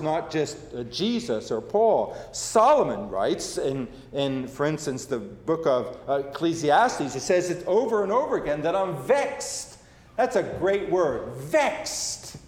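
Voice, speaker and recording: A male preacher delivers a sermon in a fairly high voice, leaning on repetition and stopping to restart his phrases. The sound rings with a long, roomy reverb, as if he is recorded in a large church sanctuary. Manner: repetitive, emphatic, with frequent fillers and restarts. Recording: echoey hall with long reverb.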